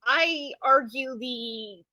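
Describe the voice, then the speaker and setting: A woman's voice: high voice, drawn-out words, bright, forceful tone, no echo. A woman player in a tabletop game, chatting casually and explaining her thinking at length. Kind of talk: casual chat about her character.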